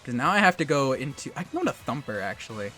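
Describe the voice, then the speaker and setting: Commentating live on his own competitive match, this young man alternates between strategy and insults for his opponent, thinking aloud under his breath. He speaks quickly at a medium pitch, very animated, with a bright, forceful tone over faint background music.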